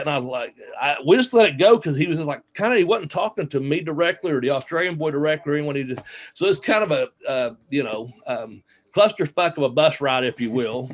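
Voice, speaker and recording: A man's voice: medium pitch, a little fast. A man as an interview guest, telling casual stories that ramble, with many fillers and restarts, laughing now and then. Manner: laughs at his own stories. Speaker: interview guest, retired wrestler. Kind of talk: casual storytelling.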